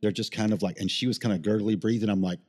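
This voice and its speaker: Fast-talking husky man in a reverberant room. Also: on the low side, steady tone, a little mellow. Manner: fast, rambling, swears freely, emotional. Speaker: paramedic guest. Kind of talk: casual storytelling interview.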